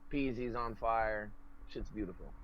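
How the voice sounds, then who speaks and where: A man's voice: lowish voice, steady tone, measured pace, lo-fi sound, a crowd in the background. A man speaking as a guest on a casual live stream, blunt and casual, swearing freely. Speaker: guest commentator.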